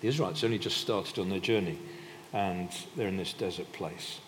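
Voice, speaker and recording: In a church hall, a man with a low voice preaches a sermon at normal speed, keeping it conversational with frequent restarts and filler. The hall is reverberant, with faint background noise.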